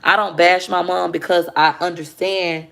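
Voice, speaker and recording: A woman speaks candidly to her livestream viewers about motherhood. Her voice sits low with a gravelly fry. She talks with heartfelt openness and calls the audience y'all. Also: fairly even intonation, moderate pace, fairly bright tone. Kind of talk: emotional personal storytelling on a livestream.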